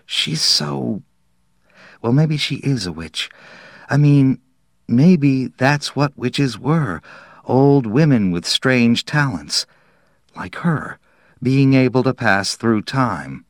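A man voicing an anxious, soft-spoken woman. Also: medium pitch, expressive, takes it slowly, no echo, clean studio sound, voice pushed up. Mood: worried. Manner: soft and apprehensive. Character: nervous, gentle young woman.

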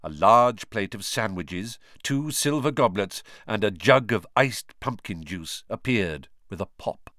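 A man narrating a children's novel in an expressive storytelling manner. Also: fairly low pitch, unhurried, hardly any pauses, dry recording, studio quality. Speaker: audiobook narrator. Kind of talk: scripted narration.

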